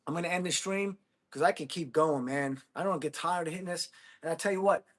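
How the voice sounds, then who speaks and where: An American man hosting a casual livestream, chatting with viewers, thanking them and whooping with excitement. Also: on the high side, a little fast. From United States. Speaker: livestream host.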